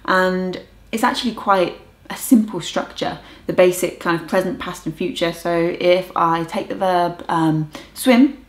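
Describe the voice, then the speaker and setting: A woman's voice: on the low side, a little slow. A young woman chatting casually in a vlog about her language learning, enthusiastic and trying out foreign words aloud. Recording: roomy echo.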